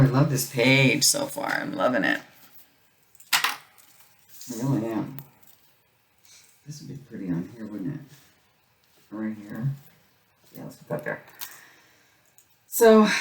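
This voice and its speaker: A woman's voice: a bass voice, distant mic. A middle-aged woman hosting a crafting video, chatting casually and rambling, often repeating her phrases as she works. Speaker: crafting channel host. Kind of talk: casual chat while crafting. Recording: roomy, set back from mic, faint noise.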